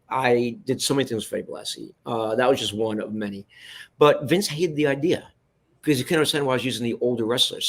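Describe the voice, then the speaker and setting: A man telling a long behind-the-scenes story as a guest in an interview, animated, often restarting and turning to the listeners. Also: medium pitch. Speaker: guest, television producer.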